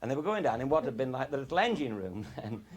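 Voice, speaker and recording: A man's voice: medium pitch, sing-song, fast talker. A middle-aged man, telling comic stories to a live audience in an earthy, swearing manner and chuckling along. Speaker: raconteur.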